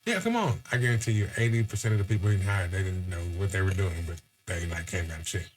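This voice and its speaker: A man from Texas, chatting casually on a podcast and telling animated stories with acted-out quotes. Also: low voice, fast talker, slight background noise.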